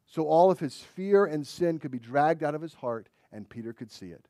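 A man preaching a sermon in a dramatic way, dropping to a hush and then rising to loud emphasis. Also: on the high side, lively intonation, moderate pace, hardly any pauses, dry recording, clean studio sound.

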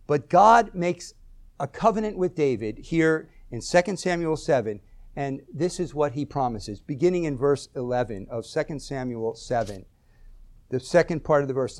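A man preaching a sermon, reading scripture aloud at length and swelling loud on key words. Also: a little high.

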